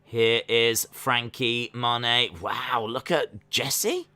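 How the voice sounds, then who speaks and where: Man, live stream watch-along host, bright tone, dry close mic, answers chat between calls. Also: takes it slowly, dry recording. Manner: breaks into high-pitched disbelief when excited. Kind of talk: casual watch-along commentary.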